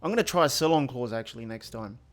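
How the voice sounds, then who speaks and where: A man's voice: medium pitch, animated, fast talker. A man giving casual, joking commentary over a football video game. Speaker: gaming youtuber. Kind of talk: gameplay commentary.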